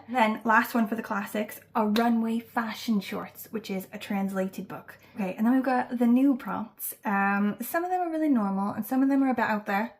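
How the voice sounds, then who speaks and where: A woman hosting a book channel, talking casually to camera with lots of fillers and playful asides. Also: fairly high pitch. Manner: chatty, many fillers, playful and self-teasing. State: fighting back tears. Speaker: booktube host announcing a reading challenge.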